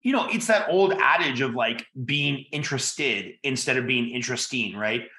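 A man who works as a loan officer, a guest on a podcast, telling stories and acting out sample calls with clients in a lively, casual way. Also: medium pitch, normal speed, reverberant. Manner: animated storyteller acting out phone calls. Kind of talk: casual interview chat.

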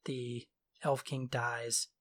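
A fairly bright, level-toned man of medium pitch co-hosts a podcast and recaps a game's story in casual conversation. He keeps it sarcastic and offhand, slipping in quick mock quotes.

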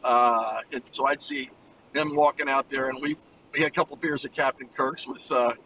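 Sixties male guest, bright tone, animated storyteller, distant phone line with faint car hum. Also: mid-range voice, normal speed. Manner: animated anecdote teller, acts out voices. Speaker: former college basketball player, guest. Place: riding in a moving car.

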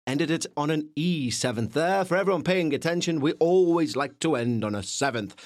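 A man's voice: fairly high pitch, animated, moderate pace, dry recording, clean studio sound, faint music behind. A man hosting a podcast in a casual, rambling way, full of self-mocking, playful asides, recorded in a small windowless carpeted room. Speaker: podcast host.

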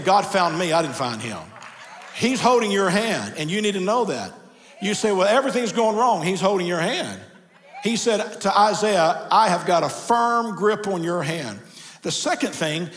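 An older man preaching in a large church with a long, ringing reverb. His voice sits a bit high for a man, and he swings from hushed, gentle lines to shouted emphasis, repeating key phrases. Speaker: pastor. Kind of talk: sermon.

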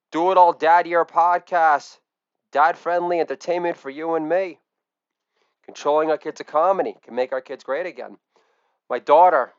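A middle-aged man hosting a comedy podcast, telling a crude deadpan monologue that swings from low mumbled asides to loud shouted catchphrases. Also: no echo, dull audio.

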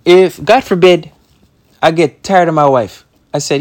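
A male pastor preaching a sermon with a fairly high voice. He speaks emphatically, stammers and repeats phrases, and reads scripture in old-fashioned wording. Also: unhurried.

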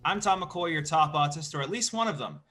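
A man hosting a podcast, asking questions with dry, deadpan jokes. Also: on the high side, brisk, soft background music. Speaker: podcast host. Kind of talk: casual interview chat.

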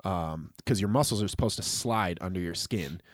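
A man with a fairly low voice explains something calmly during a casual podcast chat. He is laid-back and fills pauses with ums. The recording is dry and close. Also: no echo. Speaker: podcast co-host.

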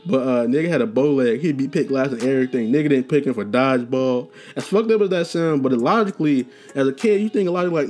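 A man's voice: medium pitch, animated, fast, few pauses, darkish tone, faint music behind. A young man hosting a casual storytelling podcast, talking loose and profane with slang, restarts and tangents. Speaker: podcast host.

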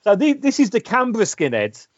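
Guy rambling about a film, slightly high voice, kinda muffled dry audio. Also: huge pitch swings, brisk, no room sound. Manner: rambling, repeats words and restarts often. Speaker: podcast co-host. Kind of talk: casual film discussion. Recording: dull lo-fi sound, dry.

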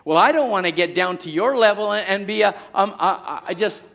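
High-voiced preaching man, shouting. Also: expressive, brisk, vocal fry. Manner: swings from quiet storytelling to shouted exhortation. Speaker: pastor. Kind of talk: sermon.

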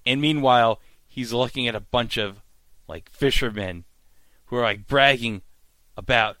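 A man hosting a podcast, recapping a TV episode with animated, mock-incredulous outbursts. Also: mid-range voice, a little slow, dry recording. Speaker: podcast host.

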